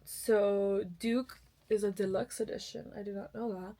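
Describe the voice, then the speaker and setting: A woman's voice: mid-range voice, fairly even intonation, unhurried, mellow, low-quality recording. A young woman chatting casually to camera about books she bought and is reading, rambling and correcting herself often, tired. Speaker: book vlogger.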